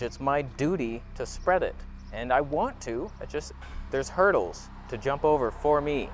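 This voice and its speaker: A man's voice: mid-range voice, a little hiss or hum. A young man talking to camera in a rambling, earnest, half-joking confessional monologue, filming his own vlog. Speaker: vlogger.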